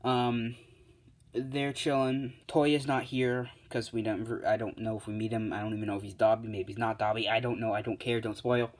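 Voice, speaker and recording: A man's voice: lowish voice, level tone, moderate pace. A young man casually telling his own fan story at home late at night, rambling with lots of fillers and humming placeholder sounds, recorded on a handheld device. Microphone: tablet or other handheld device.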